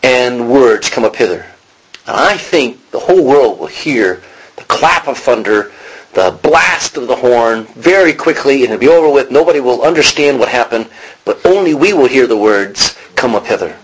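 Poor audio captures a man's mid-range voice, which has a breathy edge, as he moves at normal speed through an informal Bible study. He's lively, quizzing his class and performing the quotes he reads.

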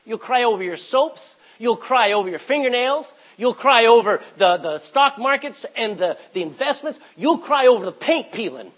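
A middle-aged man preaching a sermon as pastor, swinging from quiet asides to sudden loud cries. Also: very high-pitched, lively intonation, moderate pace, few pauses, rough recording.

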